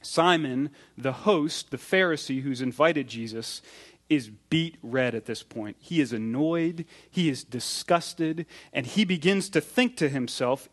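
A man with a fairly high voice preaches to his church. His delivery is animated, and he acts out the lines of the people in the story he is telling. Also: measured pace. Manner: animated storytelling, acting out the quoted speakers. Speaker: pastor. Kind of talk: sermon.

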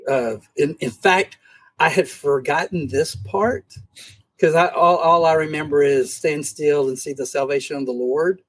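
Husky-voiced man leading Bible study. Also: fairly high pitch, measured pace, no room sound. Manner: animated, acts out scripture scenes in voices. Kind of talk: casual Bible study discussion. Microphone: camera mic.

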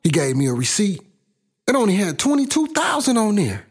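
Man with a slightly high voice, telling a blunt, profane story. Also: huge pitch swings, fairly quick, slightly rough. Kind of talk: casual spoken life story.

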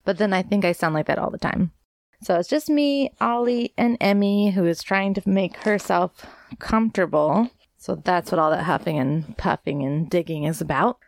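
A congested woman chats through a solo podcast episode with an upbeat, rambling manner. Her voice sits low and gravelly, and the recording is dry and close. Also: moderate pace, no echo. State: congested from allergies. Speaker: podcast host. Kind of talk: casual solo podcast chat.

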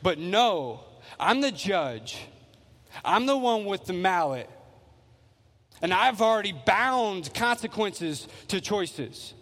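A man's voice: high-pitched, sing-song, takes it slowly, a bit bright, big-room sound, heavily acted. A male preacher voicing God as a stern judge, speaking firmly and emphatically.

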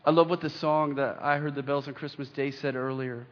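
A young adult man preaching a sermon in a church, reading scripture aloud with earnest emphasis and pauses. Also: medium pitch, fairly even intonation. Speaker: pastor. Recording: dull lo-fi sound with long hall reverb.

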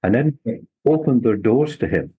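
An older man, a local historian telling history in a measured, unhurried way during an interview. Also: mid-range voice, big pitch swings, breathy edge, narrow, tinny audio. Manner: measured, unhurried storytelling with small restarts. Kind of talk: relaxed storytelling interview.

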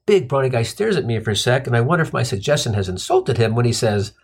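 A man's voice: mid-range voice, lively intonation, fast talker, hardly any pauses, husky. A man hosting a comic storytelling podcast, telling a sardonic, rambling monologue full of tangents and crude punchlines.

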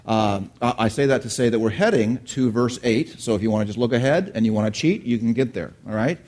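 Animated storytelling male preacher. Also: mid-range voice, fairly quick. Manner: animated storytelling, asks the congregation questions. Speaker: pastor. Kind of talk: sermon with personal story.

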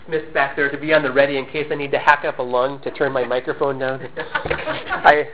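A medium-pitched male voice with little pitch movement preaches a bit fast. The pastor is earnest and emphatic, offers self-mocking humorous asides, and is still recovering from a cough, all heard through tinny, phone-like audio.

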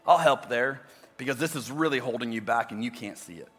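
A male pastor voicing God as a gentle, fatherly figure who speaks patiently to a listener. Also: medium pitch, a little fast, husky. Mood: gently correcting. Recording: long reverb with faint music.

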